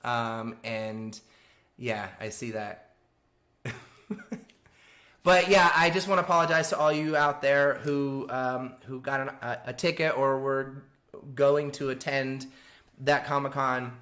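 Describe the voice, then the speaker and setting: A man's voice: medium pitch, slow, long pauses, pushed and bright. A man talks casually on a live stream from his home, loose and chatty. He rambles from one thing to the next and laughs often. He keeps breaking off to read out and answer viewer messages.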